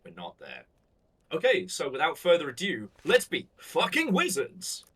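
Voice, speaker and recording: A man's voice: a little high, wildly swooping pitch, moderate pace, fairly bright tone, husky, soft background music. A playful man hosting a livestream, chatting casually with friends over voice chat and laughing often. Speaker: streamer host. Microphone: headset mic over voice chat.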